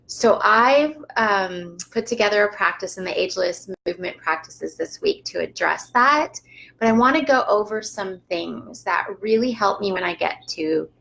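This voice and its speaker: A woman teaching yoga on a live stream, gently guiding listeners through a slow breathing practice with soft laughs now and then. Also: medium pitch, creaky, rough recording. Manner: calm, unhurried guidance with frequent soft laughs.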